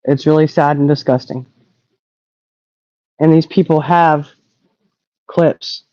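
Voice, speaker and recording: A woman hosting a casual live-stream chat, sounding indignant and animated and cursing without a second thought. Her voice is dark and mellow. The recording is dry and a little dull. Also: sits low, slow, no room sound. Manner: indignant, animated, swears freely. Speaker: host.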